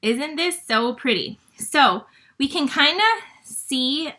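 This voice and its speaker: A woman from Michigan leads a live card-making demo in a chatty, quick way, full of fillers and asides. Her voice sits a little high and sounds bright and crisp. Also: expressive. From Michigan, USA. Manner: chatty and fast-talking, with many fillers. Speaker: paper-craft demonstrator hosting a live stream. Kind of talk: casual live craft demo.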